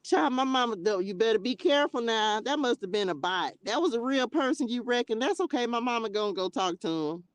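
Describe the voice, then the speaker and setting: A woman's voice: on the high side, a little fast, few pauses, no room sound. A woman hosting a casual livestream, talking expressively to viewers, calling them baby and child, into a tablet mic. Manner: chatty and expressive, calls viewers baby and child, bursts of laughter. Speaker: livestream host.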